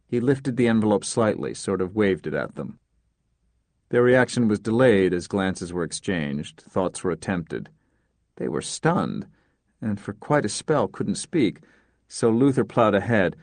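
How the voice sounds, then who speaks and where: Low-voiced man narrating an audiobook. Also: expressive, unhurried, a little mellow, no echo.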